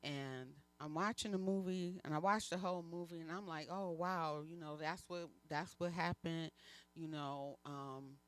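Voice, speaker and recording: Woman minister sharing a halting testimony. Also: low-pitched, steady tone, a bit bright. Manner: halting, candid storytelling with many fillers. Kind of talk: personal testimony within a sermon. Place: church.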